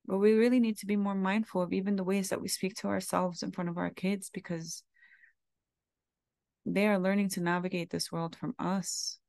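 A woman's voice: mid-range voice, level tone, moderate pace, gravelly, darkish tone, dry recording, studio quality. A woman hosting her own podcast, talking in a candid, heartfelt and confessional way, with the odd casual swear. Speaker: podcast host. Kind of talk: candid reflective monologue.

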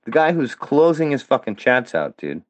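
A man's voice: mid-range voice, very animated, moderate pace, no echo. Furious profane man ranting, lo-fi. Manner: profane, heated and defiant. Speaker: guest. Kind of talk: angry rant.

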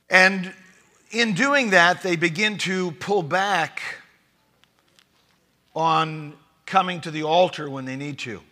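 A man's voice: sits high, measured pace, bright, forceful tone. A man preaching a sermon, telling a story and reading scripture aloud, with emphatic rising lines. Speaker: pastor.

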